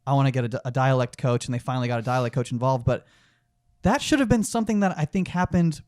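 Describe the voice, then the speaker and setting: A man's voice: mid-range voice, fast, a little mellow, clear, resonant tone, no room sound, studio quality. A man co-hosting a podcast, giving his blunt, swear-laden opinions in a casual film review chat. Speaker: podcast co-host.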